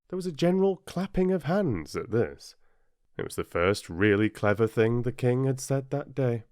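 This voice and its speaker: British guy narrating a storybook, very expressive, theatrical, dry close mic sound. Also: mid-range voice, moderate pace, no room sound. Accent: British English. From Yorkshire, northern England. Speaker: audiobook narrator.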